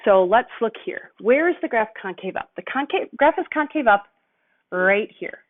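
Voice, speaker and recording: A woman's voice: on the high side, lively intonation, normal speed. Woman math teacher, patient step-by-step explainer, thin phone-like sound quality. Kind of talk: recorded lesson walkthrough. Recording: tinny phone-like audio.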